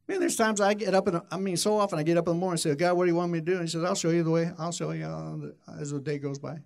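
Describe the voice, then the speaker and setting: Man preacher, somewhat high voice, emphatic and repetitive, restarts phrases, acts out quoted voices. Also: quick pace, vocal fry. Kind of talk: sermon.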